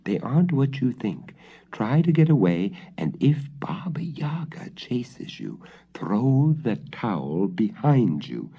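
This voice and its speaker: Brief: a man playing a sly thin storybook cat, soft and hissing, lively up-and-down delivery, lo-fi. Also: fairly low pitch, a little slow, slightly rough, full character voice. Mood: conspiring. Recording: dull lo-fi old recording.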